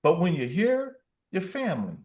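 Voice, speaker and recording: A man's voice: high-pitched, huge pitch swings, moderate pace, darkish tone. A man hosting a casual livestream, playful and reading viewer comments aloud. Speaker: livestream host.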